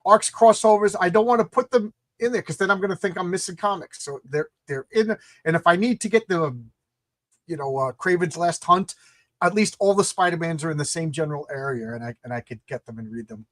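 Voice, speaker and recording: Podcast host guy, a bit higher voice, trips over his words, eager, dry close sound. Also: fairly quick, fairly bright tone, dry recording. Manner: enthusiastic, stammers and repeats words. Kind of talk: casual interview conversation.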